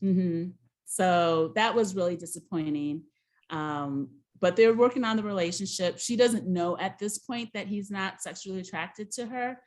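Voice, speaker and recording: A woman co-hosting a casual recap show, telling the story with lively, acted-out dialogue. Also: fairly low pitch, normal speed. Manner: animated storyteller, acts out quoted dialogue.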